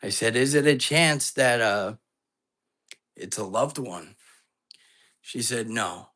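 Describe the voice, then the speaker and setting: A man's voice: medium pitch, takes it slowly, sharp tone, rough recording. A man hosting a live ghost-hunting stream, telling a story in a casual, earnest and anxious way, with many restarts as he rambles. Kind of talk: casual storytelling retelling a phone call.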